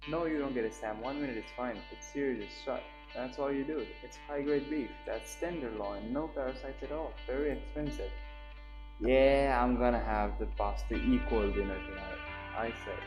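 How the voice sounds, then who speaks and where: A man's voice: normal speed, highs cut off. Young man reading a game aloud. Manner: animated, voices the dialogue lines higher and louder. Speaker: streamer. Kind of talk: reading a visual novel aloud with reactions. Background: guitar music.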